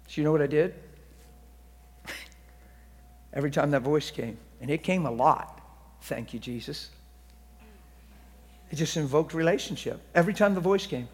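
In a church hall with long reverb, a man preaches a sermon and tells stories, his somewhat high voice sinking to hushed near-whispers before rising into loud, excited bursts.

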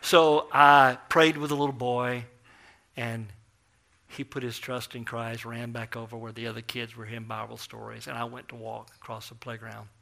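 A man preaching a sermon, telling a story in an animated way and acting out the people in it. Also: medium pitch, normal speed, gravelly.

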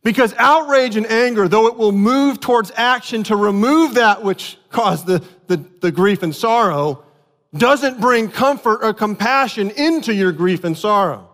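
A man preaching a sermon, telling a family story with animated outbursts and earnest explanation. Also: high voice, measured pace. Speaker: pastor. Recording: long hall reverb.

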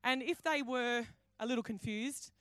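A woman pastor delivers a sermon in a dry, close sound. Her voice sits fairly high, and she tells the story vividly, acting out quoted lines and often restarting her phrases. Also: moderate pace, a bit bright, clear, resonant tone, no echo.

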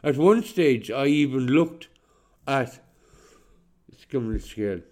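A man's voice: mid-range voice, expressive, a little slow, darkish tone. A man with a slight chesty cough, speaking on a podcast in an aggrieved, insistent way. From Ireland. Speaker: podcast guest. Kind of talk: monologue on a podcast.

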